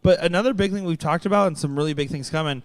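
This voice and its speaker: Slightly high-voiced guy hosting a darts stream, upbeat, lots of uh's. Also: racing, clean tone. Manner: upbeat, joking, many "uh" fillers. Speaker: stream host and commentator. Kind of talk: live sports commentary.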